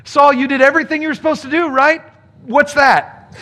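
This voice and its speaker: A man's voice: very high voice, steady tone, a little fast, sharp tone, pitched above the performer's own voice. A man voicing a stern prophet, questioning sarcastically and over and over. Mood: exasperated.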